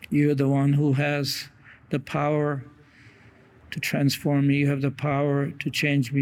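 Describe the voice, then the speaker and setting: A male preacher delivering a sermon in an earnest, measured way. His voice sits a little high for a man and stays almost completely flat in pitch. He pauses often and sometimes restarts a phrase. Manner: earnest, reads quotations aloud with pauses and restarts.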